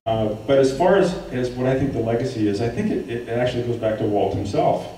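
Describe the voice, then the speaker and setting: Panel guy, low mellow voice, stumbles and restarts a lot, super echoey hall far off. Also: expressive, slight background noise. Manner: earnest, halting restarts. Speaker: panel guest, imagineer. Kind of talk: panel answer.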